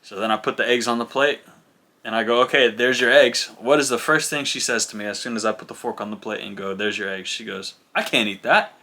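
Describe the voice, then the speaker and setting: A young man with a bright, forward voice sits in for casual podcast talk. He spins everyday stories and jumps into the voices of the people in them. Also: medium pitch, brisk. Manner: animated, acts out dialogue in stories. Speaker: podcast co-host. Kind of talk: casual storytelling chat.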